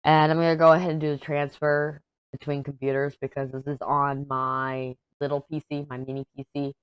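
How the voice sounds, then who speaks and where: A woman, chatting casually as a crafting vlogger in a hoarse, tired voice, rambling and self-deprecating. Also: low voice, little pitch movement, brisk, no echo. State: hoarse, worn out. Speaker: crafting YouTuber. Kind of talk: casual chat while diamond painting.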